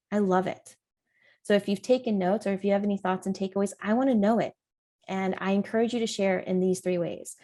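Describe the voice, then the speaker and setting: This solo parenting podcast is led by a middle-aged parent coach whose mid-range voice carries a somewhat dark tone. She talks by herself, sounding sincere and supportive.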